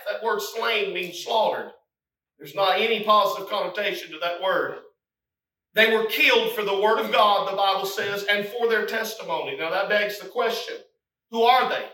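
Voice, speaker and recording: A man preaching a sermon, swinging from hushed, low passages to shouted, climbing appeals. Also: normal speed. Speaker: pastor. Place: church sanctuary. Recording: echoey room, mic from a distance.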